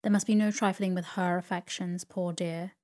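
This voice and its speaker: A woman's voice: on the low side, steady tone, normal speed, warm tone, close to an everyday voice. A woman reading a storybook, voicing a stern, brusque elderly great-aunt who speaks in a commanding, indignant manner.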